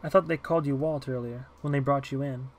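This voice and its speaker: A man voicing a timid eight-year-old girl who talks softly and quietly in an audiobook reading. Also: medium pitch, steady tone, fast, close to an everyday voice. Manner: soft and hushed.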